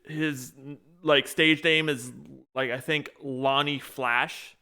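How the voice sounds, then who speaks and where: A man's voice: medium pitch, fairly even intonation, slow, bright, forceful tone, clear, resonant tone. A young man co-hosting a casual podcast chat, rambling through a show's plot with many restarts and fillers. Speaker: podcast co-host.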